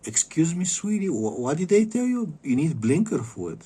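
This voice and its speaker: Male performer as condescending parts clerk, mocking, pitched up, loud. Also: big pitch swings, moderate pace, husky. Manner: high, loud, teasing put-on voice.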